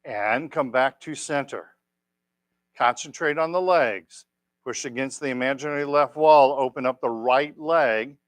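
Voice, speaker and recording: A man leading a tai chi class, giving calm step-by-step cues and gentle praise on a clip-on mic. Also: mid-range voice, a little slow, no room sound. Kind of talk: guided exercise class. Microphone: clip-on microphone.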